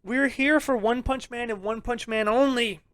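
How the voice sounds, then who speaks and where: A young man co-hosting a podcast, ranting loudly and swearing in a jokingly abrasive way, laughing as he goes. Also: very high-pitched, moderate pace, smooth, dry recording. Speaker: podcast co-host. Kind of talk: casual ranting review chat.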